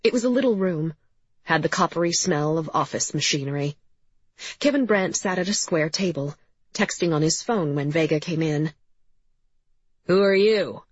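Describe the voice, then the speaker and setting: A woman's voice: low voice, animated, moderate pace, breathy edge, no echo. A woman reading a crime novel aloud in scripted narration, in a slightly dull, dry recording. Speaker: audiobook narrator.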